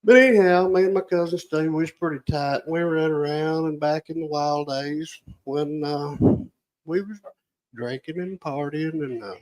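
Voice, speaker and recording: A man's voice: on the high side, moderate pace, darkish tone, low-quality recording. A man, telling a rambling, folksy story as a guest on a radio show. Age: 50s. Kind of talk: storytelling in casual radio chat. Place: radio studio on location.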